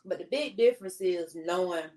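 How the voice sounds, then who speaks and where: A woman's voice: fairly low pitch, normal speed, dark tone. A woman co-hosting a casual live-stream chat, talking in a laid-back, slangy way. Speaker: co-host.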